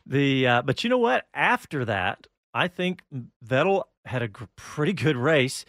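A man co-hosting a casual motorsport podcast, talking in an animated way and laughing along often. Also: medium pitch, unhurried. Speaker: podcast co-host.

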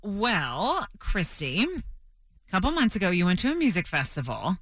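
A woman's voice: mid-range voice, wildly swooping pitch, a little slow, a bit bright, no echo. A woman co-hosting a morning radio show, teasing and playful as she talks with a caller. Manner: playful, teasing, laughs often.

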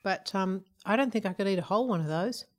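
A middle-aged woman chats easily as a podcast co-host, often breaking into giggles. Her voice sits at an ordinary middle pitch. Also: quick pace. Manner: chatty, giggly. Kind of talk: casual chat.

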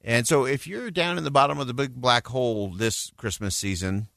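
A man's voice: mid-range voice, normal speed, gravelly, a bit bright, dry recording. A male radio host giving an earnest, reflective closing commentary and telling a story in a studio.

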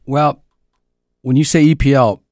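A man's voice: mid-range voice, steady tone, measured pace, darkish tone, no echo. Middle-aged man, joking storyteller. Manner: jokey storyteller with a dry, easygoing delivery. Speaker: guest, former soccer player and author. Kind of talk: casual podcast chat.

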